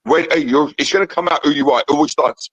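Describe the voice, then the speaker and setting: A man's voice: a little high, quick pace, fairly bright tone, husky, no room sound, dull audio. A man arguing angrily on a call-in show, hurling insults and repeating himself. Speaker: caller. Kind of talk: heated argument on a call-in show.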